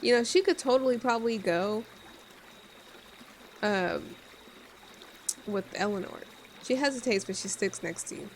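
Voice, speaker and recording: A woman's voice: medium pitch, animated, measured pace, creaky, long pauses, a little hiss or hum. A young woman reading a visual novel aloud, with casual, joking asides. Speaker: game streamer.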